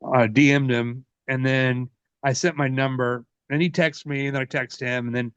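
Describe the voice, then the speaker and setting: A man in his forties, a wrestler being interviewed, telling stories in a casual, profane, animated way. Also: mid-range voice, moderate pace, clear, resonant tone, no room sound. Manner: profane, animated, laughs often. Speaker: wrestler guest. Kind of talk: casual storytelling. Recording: dull lo-fi dry sound.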